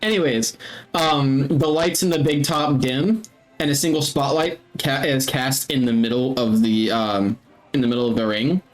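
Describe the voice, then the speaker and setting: A man's voice: mid-range voice, steady tone, normal speed, soft background music, poor audio. A man narrating a tabletop game as game master, with frequent hesitant ums.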